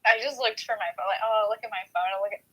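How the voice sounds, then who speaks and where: A woman's voice: medium pitch, steady tone, fast talker, fairly bright tone, breathy edge, rough recording. A woman joining a friend's livestream for casual chat, with dry, teasing remarks.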